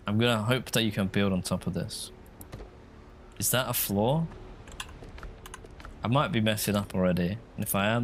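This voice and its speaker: Guy streaming a game, rambly and chatty, lowish voice, bit of hiss behind. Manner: chatty, rambling, reads chat aloud. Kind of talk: casual game commentary.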